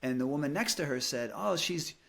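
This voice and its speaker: A man's voice: fairly high pitch, animated, fairly quick, vocal fry, fairly bright tone. A man who is a priest and a podcast guest, telling a self-mocking story in a casual chat and hesitating as he searches for words.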